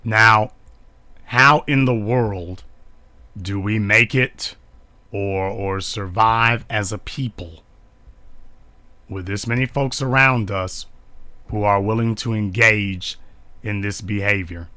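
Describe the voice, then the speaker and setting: A man's voice: on the low side, slow pace, long pauses, bright, forceful tone, dry recording. A man giving live-streamed social commentary, indignant and preachy, hammering points home with repeated rhetorical questions. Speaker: online commentator.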